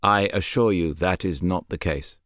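A man's voice: sits low, moderate pace, fairly bright tone, no room sound, clean studio sound. A man voicing an earnest male German officer who has defected, answering guardedly in an audiobook.

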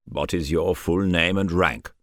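A man's voice: low-pitched, fairly even intonation, a little slow, no echo. A man voicing a shrewd, rotund male colonel in his sixties, putting dry, probing questions in an audiobook.

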